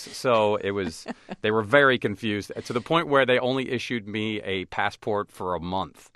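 A man with a very low but bright, forceful voice, talking in an interview. He tells stories in an animated way and slips into other people's voices. The sound is dry and close. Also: moderate pace, smooth, dry recording. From United States. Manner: animated storyteller who acts out voices of others. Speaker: actor and comedian guest. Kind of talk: conversational interview.

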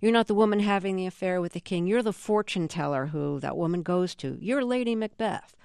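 A woman's voice: fairly low pitch, a little fast, creaky, a little mellow, clear, resonant tone, no room sound, studio quality. A woman hosting an interview, asking curious questions with self-deprecating humor and easy laughter. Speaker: radio interview host. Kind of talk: interview conversation.

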